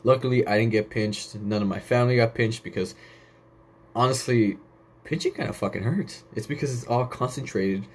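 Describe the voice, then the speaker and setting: A man's voice: medium pitch, moderate pace, breathy edge. A young man hosting a casual solo podcast, rambling off on tangents and swearing casually. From United States. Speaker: podcast host.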